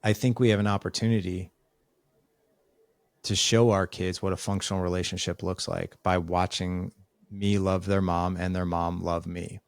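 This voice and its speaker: A middle-aged man with a very deep voice, speaking as a podcast guest. He tells family stories and slips into the voices of the people in them. The recording is dry and close. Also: flat delivery, normal speed, dry recording. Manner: storytelling, acts out family dialogue. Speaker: guest, author and father. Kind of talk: conversational podcast interview.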